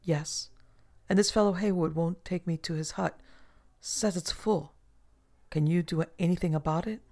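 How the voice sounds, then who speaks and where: A man reading aloud, voicing an indignant shipwrecked gentleman who questions brusquely. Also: high voice, moderate pace. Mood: impatient.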